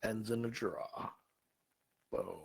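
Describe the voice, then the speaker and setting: Gravelly, slightly rough and fairly low, his voice moves at a slow pace through poor audio. He co-hosts a comedy podcast, telling a fictional bar-fight story with plenty of profanity and energy.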